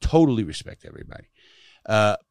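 A man's voice: fairly low pitch, big pitch swings, fast talker, clear, resonant tone, no room sound, studio quality. A middle-aged man telling stories from his life in casual conversation, blunt and emphatic, cursing often to stress his points. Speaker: guest, former prisoner who speaks to youth.

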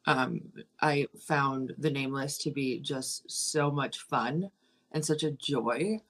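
A woman's voice: a bass voice, slow pace, a bit bright, slightly rough. A woman in her thirties, an actress and co-producer, talking candidly in an interview and swearing freely. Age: 30s. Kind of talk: casual interview.

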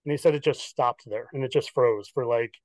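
A man's voice: mid-range voice, a little fast, no room sound. A young man telling a long personal story on a podcast as a guest, acting out what people said, with lots of "like" fillers. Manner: animated, acts out quoted dialogue, many "like" fillers. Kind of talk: casual storytelling chat.

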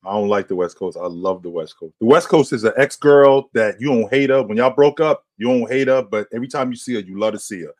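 A man's voice: mid-range voice, fast talker, few pauses, no echo. A man on a casual sports panel who argues emphatically and repeats his points. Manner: emphatic, repeats himself, many mm-hmms.

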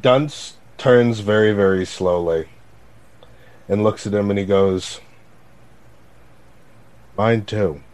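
A man taking part as a player in a tabletop game, speaking in a relaxed, hesitant, joking way. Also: lowish voice, measured pace. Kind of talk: casual tabletop play.

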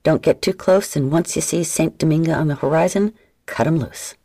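A woman voicing a gruff, drowsy male pirate captain who mumbles in a low voice. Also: normal speed, dark tone, no echo, studio quality.

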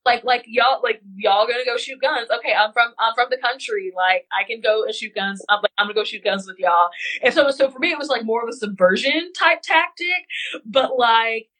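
A woman from West Central Missouri talking on a casual podcast, her voice slightly husky and pitched a little high. She tells stories animatedly, with plenty of fillers and restarts. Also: brisk, sharp tone, low-quality recording.

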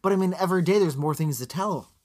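A man co-hosting a casual chat podcast from Chicago, talking in an animated way that jumps into quoted voices. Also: sits high, quick pace. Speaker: podcast co-host.

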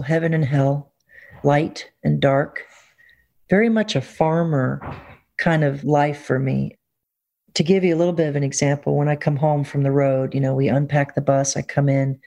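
A woman musician is interviewed and tells her stories in a lively, expressive way. She laughs easily as she talks and keeps an excited, chatty energy. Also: deep voice, creaky. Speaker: musician guest. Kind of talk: casual interview storytelling.

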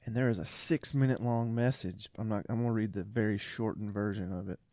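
A man's voice: on the low side, brisk, dark tone, no echo, clean studio sound. A man co-hosting a podcast in casual chat, often laughing, trailing off and restarting his sentences. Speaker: podcast co-host.

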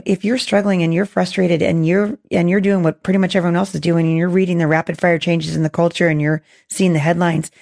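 A woman hosting a faith podcast, hoarse with a gravelly voice, earnest and encouraging with many restarts. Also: fairly low pitch, darkish tone. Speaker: podcast host.

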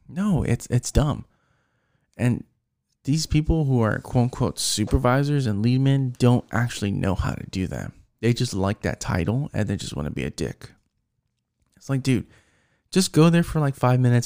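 A young man with a gravelly, fry-laden voice rants casually about work, swearing freely and circling back over his points. He sounds fed up and talks in loose, restarting bursts. The sound is dry and close, with no room echo. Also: mid-range voice, expressive, unhurried, a little mellow. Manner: rambling, frustrated, swears often, restarts sentences. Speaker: vlogger venting about work. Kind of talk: casual profane rant.

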